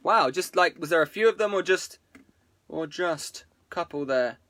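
A man's voice: fairly high pitch, lively intonation, normal speed, sharp tone, no room sound. A man hosting a live stream, rambling casually to viewers, swearing freely and breaking off his own sentences. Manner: rambling, sweary, self-interrupting.

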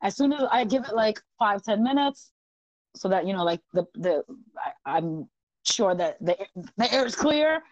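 A woman guest on a podcast telling a wild story in casual chat, animated and profane, laughing often. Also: medium pitch, moderate pace, no echo, highs cut off.

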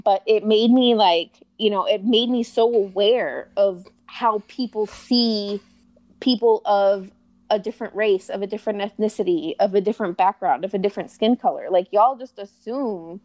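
A woman from a Spanish-speaking family telling a personal story in casual chat, heated and emphatic, slowing down to stress words. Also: medium pitch, darkish tone.

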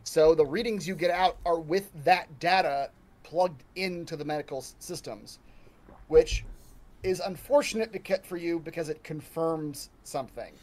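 Halting, higher-voiced male game master. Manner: halting, restarts mid-sentence, many ums. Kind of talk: narrating a tabletop game.

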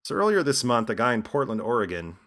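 A man's voice: medium pitch, big pitch swings, fast, fairly bright tone. A man hosting a podcast with scripted commentary and a sardonic, lecturing manner. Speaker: podcast host.

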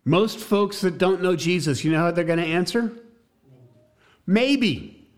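A man's voice: sits high, brisk. Jokey, emphatic male church teacher. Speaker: evangelism teacher.

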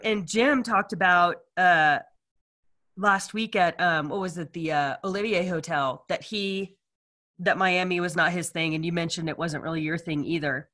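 Woman, middle-aged, co-host, casual chat, chatty, halting, many fillers, bright tone. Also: on the low side. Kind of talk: casual chat, reading reviews aloud.

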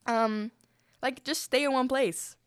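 A woman's voice: high-pitched, steady tone, slow pace, clean tone, no echo, studio quality. A young woman casually reviewing a film on her solo podcast, rambling and chatty with lots of fillers and frequent apologies.

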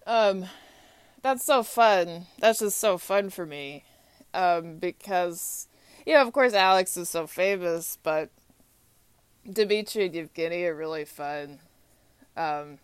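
Slow-talking woman, rambling casual monologue. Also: mid-range voice, clean tone, no room sound. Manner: rambling and repetitive, with frequent filler pauses. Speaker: hockey fan.

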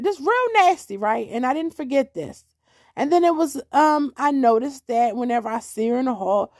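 A woman's voice: on the high side, no room sound, clean studio sound. A middle-aged woman hosting her own podcast, telling a story in a casual monologue and acting out both sides of an argument. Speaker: podcast host.

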